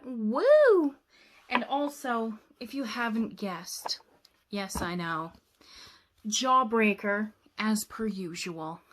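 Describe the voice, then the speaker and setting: A woman's voice: medium pitch, fairly bright tone. A woman chatting casually through a makeup tutorial, rambling a little and teasing herself. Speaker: makeup vlogger.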